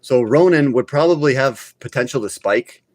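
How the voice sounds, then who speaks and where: A man's voice: medium pitch, normal speed, dry recording, clean studio sound. A man hosting a live crypto talk stream, talking casually and bluntly, getting worked up and scolding his viewers. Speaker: crypto channel host.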